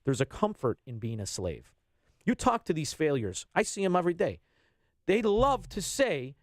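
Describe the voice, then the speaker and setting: A fifty-something man rants bluntly on talk radio, his voice sitting fairly high for a man. He lurches from punchy outbursts to low, muttered asides. The sound is close and dry. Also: big pitch swings, moderate pace, no room sound. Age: 50s. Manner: blunt, ranting, swings between loud and low. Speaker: radio guest. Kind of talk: heated political radio talk.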